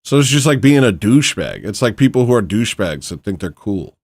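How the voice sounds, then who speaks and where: Low-voiced man rambling on a livestream. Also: very animated, brisk, no echo, clean studio sound. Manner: rambling, muttering to himself. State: frustrated. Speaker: livestream host. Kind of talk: casual livestream chat.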